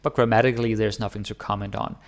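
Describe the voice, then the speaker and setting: Gravelly man explaining casually. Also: fairly low pitch, fast talker. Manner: relaxed, chatty, often asks "right?". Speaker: Danish language teacher.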